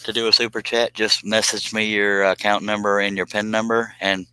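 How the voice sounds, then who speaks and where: A man's voice: on the low side, level tone, normal speed, sharp tone, clear, resonant tone, no room sound, poor audio. A man chatting casually on a live stream, reading viewer comments and joking around with a rambling, laugh-prone manner. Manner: joking, rambling, laughs at his own jokes.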